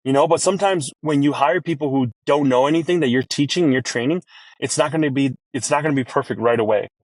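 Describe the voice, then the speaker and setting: A man who owns a restaurant, talking as a podcast guest in an energetic, rambling way and acting out his own quoted lines. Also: medium pitch, quick pace, no room sound. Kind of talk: casual podcast interview.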